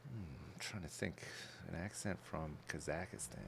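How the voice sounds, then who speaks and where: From his home streaming setup, a game streamer in his thirties chats casually with viewers while playing, rambling from thought to thought, answering chat and swearing casually. His low voice is gravelly and measured, over a noisy background.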